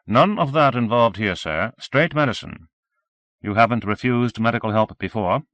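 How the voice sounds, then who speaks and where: A man voicing a brisk, matter-of-fact male doctor, pitched higher and louder than his narration. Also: expressive, no echo, natural voice.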